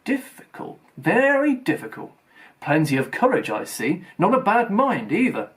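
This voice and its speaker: A man's voice: high-pitched, huge pitch swings, normal speed, fairly bright tone, voice pushed up, heavily acted. Sorting Hat: a man voicing a musing old magic hat. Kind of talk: audiobook reading.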